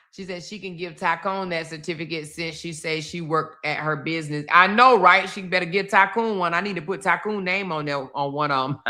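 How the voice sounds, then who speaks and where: A woman hosts a comedic livestream, her voice bright and sharp. She mocks and cackles loudly, with profanity in nearly every line. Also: fairly low pitch, fairly quick. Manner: loud, mocking, laughing, swears a lot. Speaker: livestream commentary host.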